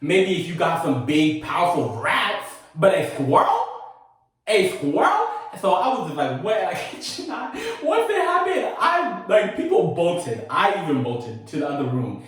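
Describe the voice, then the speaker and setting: A man tells his own story in a casual, sassy way, with laughing asides and a pitch that leaps high for emphasis. His voice sits a touch high and lively. He sounds set back from the mic in a strongly echoing room. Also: normal speed, hardly any pauses, far from the mic. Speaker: storytelling host.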